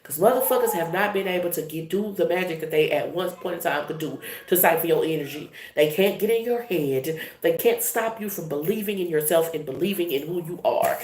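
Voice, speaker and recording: Woman tarot reader, lowish voice, blunt and cussing, roomy echo. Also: brisk, few pauses, darkish tone. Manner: blunt, profane, emphatic. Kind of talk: casual spiritual reading.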